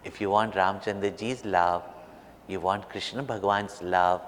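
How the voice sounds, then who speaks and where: A man, a spiritual teacher, telling a story to children in an animated way and questioning them. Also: low-pitched, measured pace. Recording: reverberant hall, faint noise.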